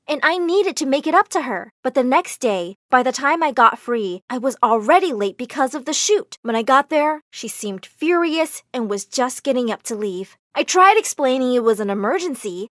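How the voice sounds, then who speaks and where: A woman telling a first-person story with plenty of drama, her high voice swinging up and down expressively. The recording is close and dry, with no room sound. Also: a bit bright, dry recording. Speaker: narrator. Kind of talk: scripted storybook narration.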